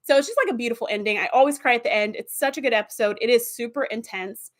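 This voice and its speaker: A woman with a fairly high voice and a quick pace hosts a casual review video. She animatedly retells the plots of TV episodes, packing in lots of fillers.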